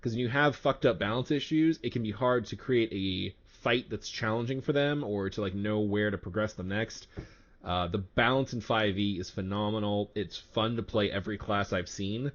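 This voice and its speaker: A man co-hosting a casual podcast who talks loudly and animatedly, laughing often. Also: lowish voice, normal speed, lo-fi sound. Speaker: game master and podcast co-host.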